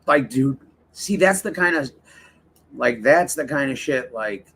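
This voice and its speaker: A man's voice: medium pitch, expressive, measured pace, fairly bright tone, husky. A man hosting a casual livestream, rambling and swearing as he talks straight to his chat. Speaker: livestream host.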